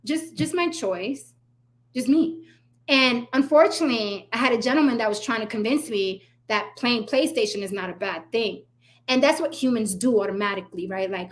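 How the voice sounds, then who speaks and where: A woman's voice: a little high, normal speed. A woman hosting her own commentary channel, ranting bluntly and sarcastically, swearing freely and talking straight to her viewers.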